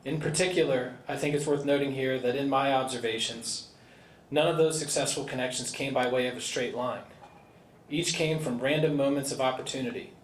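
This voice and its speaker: A man's voice: medium pitch, steady tone, brisk, slight background noise. A man, the board chairman, delivering earnest prepared remarks at an indoor gala. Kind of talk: prepared speech at a podium. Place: large indoor banquet hall. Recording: roomy hall with faint ambience.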